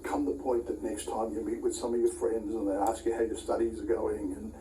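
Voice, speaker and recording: Mellow-voiced man giving a recorded lecture. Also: fairly low pitch, level tone, a little fast, slight background noise. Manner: conversational, with dry asides and frequent uh fillers. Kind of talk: recorded Bible college lecture. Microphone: camera recording. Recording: distant mic, roomy echo, faint ambience.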